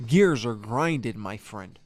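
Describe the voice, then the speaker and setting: A man's voice: mid-range voice, animated, slow pace, darkish tone, dry recording, soft background music. A man hosting a podcast, giving a casual fight review in an exasperated, profane way, stammering and restarting his sentences. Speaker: podcast host. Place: podcast studio.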